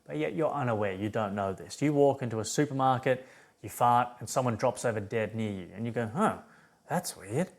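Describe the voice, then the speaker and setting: Man, emphatic, rambling monologue, restarts, medium pitch. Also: a little fast. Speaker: philosophy vlogger. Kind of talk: unscripted monologue.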